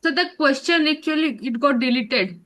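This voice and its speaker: A man's voice: extremely high pitch, moderate pace, sharp tone, low-quality recording. A male student on a video call giving short, polite answers to his teacher in an online class. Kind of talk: brief replies in an online class.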